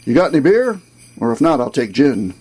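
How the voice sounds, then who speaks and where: A man voicing a drunken, boastful old Santa figure on a boat, loud and jovial in a comic rhyming poem. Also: medium pitch, very animated, a little fast, slightly rough. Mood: boozy, jolly.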